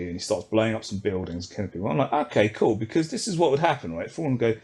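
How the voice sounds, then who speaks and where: A fast talker with a low-ish voice and few pauses, this podcast co-host recaps an episode in casual chat. He's animated throughout, acting out the characters' lines while retelling the story.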